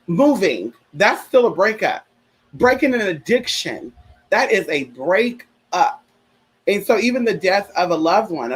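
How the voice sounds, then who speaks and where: A man's voice: high voice, fairly bright tone, poor audio. A man hosting a casual livestream chat, sassy and chatty, calling his listeners honey and girl, and turning earnest and heartfelt when he talks about grief. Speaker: livestream host.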